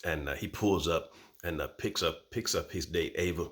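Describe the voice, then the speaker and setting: A man's voice: low-pitched, normal speed. A man, telling a personal story as host and acting out voices. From Florida, USA. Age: 50s. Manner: animated, acts out voices.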